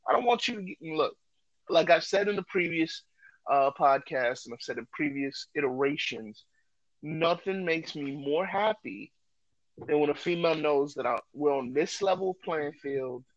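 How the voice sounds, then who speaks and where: A man co-hosting a podcast, talking loudly and joking in a casual, animated way. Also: on the high side, moderate pace, dry recording, highs cut off. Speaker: podcast co-host.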